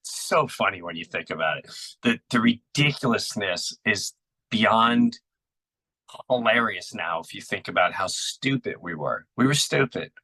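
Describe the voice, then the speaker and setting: A man who is a podcast guest, telling animated, emphatic stories and acting out what people said. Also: on the low side, a little slow, no room sound, rough recording. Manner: animated, acts out quotes, emphatic. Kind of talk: conversational storytelling.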